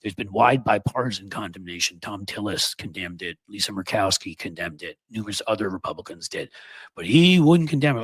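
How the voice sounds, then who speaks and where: A man's voice: lowish voice, expressive, brisk, a bit bright, husky, no echo. A man in his fifties from New York City, hosting a political commentary monologue with sarcastic, mocking asides. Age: 50s. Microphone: studio microphone.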